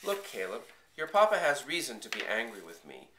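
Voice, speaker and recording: A man voicing a worried older grandfather who speaks in a steady, firm and reassuring way. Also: medium pitch, fairly quick, roomy sound, slight background noise.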